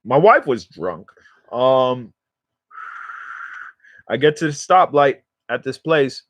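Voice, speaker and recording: Casual male vlogger, slangy rambling storyteller, mid pitch, dry close recording. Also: big pitch swings, takes it slowly, fairly bright tone, no room sound. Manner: slangy, rambling, talks to viewers directly. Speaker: cannabis vlogger.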